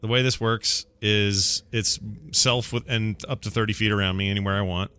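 A deep-voiced man playing a tabletop game. He speaks in a low register and explains spell rules haltingly. He often stumbles and restarts with fillers. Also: steady tone, bright, forceful tone, slight background noise. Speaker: player.

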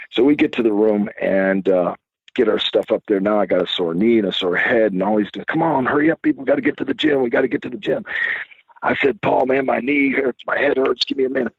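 An older man telling rowdy stories as a guest, acting out the voices and shouts of the people in them. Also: lowish voice, creaky, slightly rough, no room sound. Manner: acts out voices and screams in his stories, laughs a lot. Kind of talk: animated storytelling. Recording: dull lo-fi sound.

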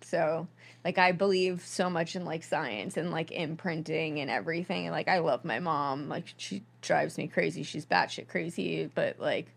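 Brief: young woman, podcast co-host, low gravelly voice, rambling and heartfelt. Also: moderate pace. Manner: gushing, filler-heavy storytelling. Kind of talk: casual chat.

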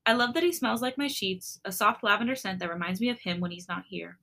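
Podcast co-host, female, bright voice, mid pitch, giggly storybook reading. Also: fast talker, hardly any pauses. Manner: giggly, reacts with laughter, steady storybook reading. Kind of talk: reading fan fiction aloud and chatting.

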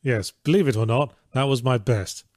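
A man's voice: medium pitch, moderate pace, a little mellow, no echo. Dry, sarcastic man. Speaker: stream co-host reading donations. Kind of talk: casual stream chat.

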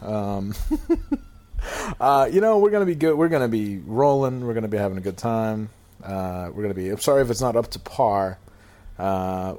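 A man's voice: fairly low pitch, darkish tone. A man co-hosting a podcast in casual chat, rambling, laughing often and swearing. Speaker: podcast co-host.

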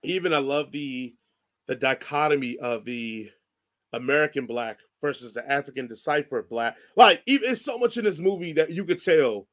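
A man with a slightly raised voice talks enthusiastically about a film in a casual chat. He chimes in with quick agreement while his co-host speaks. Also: a little high, fairly bright tone. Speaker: podcast co-host.

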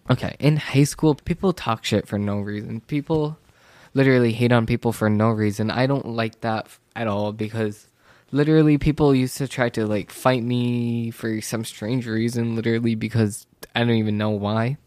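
A teenage male student telling a rambling, casual story, full of "like" and "literally," and growing animated when he feels wronged. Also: mid-range voice, normal speed, no echo.

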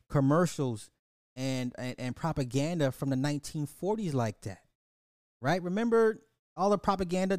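Casting: slightly high-voiced male podcast host, profane, animated live-stream rant, dry close sound. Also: no echo. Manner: profane, animated, repeats and restarts a lot; talks straight to the audience, laughs at his own points.

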